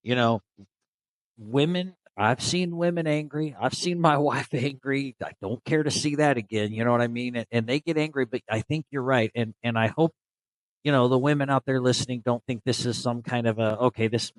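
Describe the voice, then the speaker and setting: A man's voice: medium pitch, moderate pace, no echo, rough recording. Candid, reflective male podcast co-host. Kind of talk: casual podcast chat.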